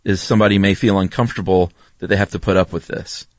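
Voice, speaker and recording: A man's voice: low voice, steady tone, fast talker, no echo. A man co-hosting a podcast in casual chat, explaining things with frequent ums. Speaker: podcast co-host.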